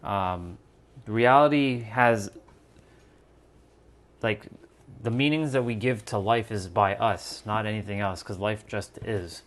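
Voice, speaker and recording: A man's voice: on the low side, takes it slowly, long pauses. A man hosting a livestream, talking casually and reflectively to his chat about spiritual ideas while cooking in his kitchen, with fillers and restarts. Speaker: livestream host. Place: home kitchen.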